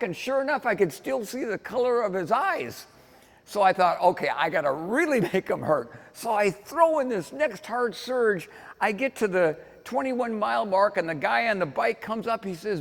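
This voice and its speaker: A high-voiced man telling a story to a crowd in a folksy, animated way. His pitch swings widely as he acts out each exchange. His voice rings with the long reverb of a big hall. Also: moderate pace. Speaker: keynote speaker. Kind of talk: storytelling speech. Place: event hall.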